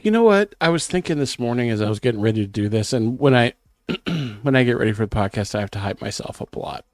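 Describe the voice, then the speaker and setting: A man's voice: medium pitch, lively intonation, dry recording, clean studio sound. Self-conscious big guy podcaster. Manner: self-conscious, quick rambling talk. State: sick, throat clearing. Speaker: podcast co-host. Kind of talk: casual chat.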